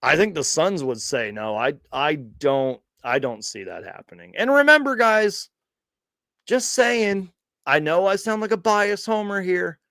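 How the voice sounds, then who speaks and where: A man's voice: high voice, big pitch swings, a little slow, sharp tone, no room sound, studio quality. A man hosting a casual live question-and-answer stream, chatty and rambling, often restarting sentences and laughing along. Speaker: host of a fan live stream.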